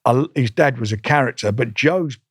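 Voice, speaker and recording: An older man talks bluntly at a steady middle pitch and keeps breaking into quoted exchanges. His speech is close-miked and dry, with no room around it. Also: moderate pace, breathy edge, no echo. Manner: blunt, animated, re-enacts conversations in quotes. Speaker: boxing promoter, guest. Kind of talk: casual interview storytelling.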